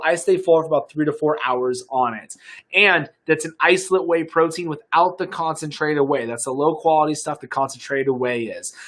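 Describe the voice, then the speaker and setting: A young American man coaching fitness on a live stream, his voice sitting a little high for a man. He talks casually and upbeat, rambling with fillers and restarts as he pitches a product to viewers. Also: fairly bright tone. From United States.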